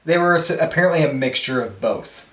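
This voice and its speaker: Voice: mid-range voice, expressive, brisk, roomy sound. A co-host of a casual movie review podcast, talking in a laid-back, joking way.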